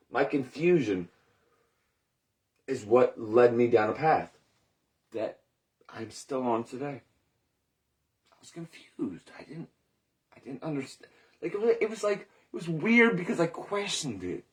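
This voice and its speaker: A man's voice: mid-range voice, expressive, a little slow, long pauses. A man in recovery telling his story in a candid, rambling monologue, swearing often and questioning himself aloud. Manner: rambling, profane, self-questioning.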